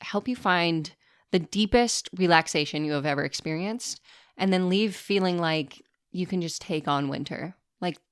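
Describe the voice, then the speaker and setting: Woman, podcast co-host, low smooth voice, enthusiastic, dry close recording. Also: normal speed, dry recording. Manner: enthusiastic, encouraging interjections. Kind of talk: casual podcast chat.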